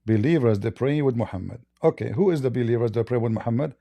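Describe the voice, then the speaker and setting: A man's voice: medium pitch, fast talker, creaky, mellow, no room sound. A man hosting a heated religious debate, challenging and mocking his opponent. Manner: challenging, mocking, talks over the other. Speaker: debate host.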